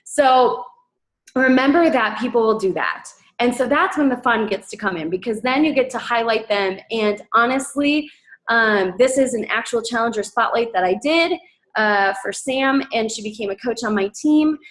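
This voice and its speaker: A woman with a slightly high voice talks her team through her methods in a relaxed, chatty presentation. She is upbeat, trips over restarts and fillers, and jumps up into a bright excited voice whenever she quotes someone. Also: normal speed. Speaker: team coach sharing recruiting tips.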